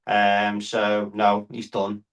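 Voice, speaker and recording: A man joining a football podcast over a call, talking in a rambling, halting way with frequent restarts. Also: fairly low pitch, completely flat delivery, fairly bright tone, low-quality recording. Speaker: podcast guest. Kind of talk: live football reaction chat. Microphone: remote call.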